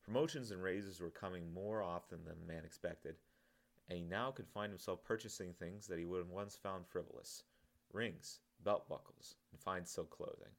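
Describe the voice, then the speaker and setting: A man reading his own novel aloud in a calm, measured audiobook narration. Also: low voice, gravelly.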